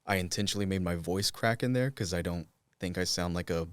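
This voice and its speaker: A young man from the Cherokee Nation with a deep, low voice talks loosely as a guest in a casual interview, filling his sentences with "like"s and small restarts. The sound is close and dry, with no room around it. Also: brisk, smooth, no echo. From Cherokee Nation, Oklahoma. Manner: loose, filler-heavy talk, many "like"s. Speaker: voice actor guest.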